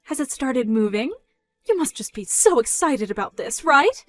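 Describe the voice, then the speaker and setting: A woman's voice: sing-song, normal speed, faint music behind. A woman voicing a scornful, controlling middle-aged mother who mocks and scolds in a dramatized story. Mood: pushy. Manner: mocking, loud, rising in pitch when scolding.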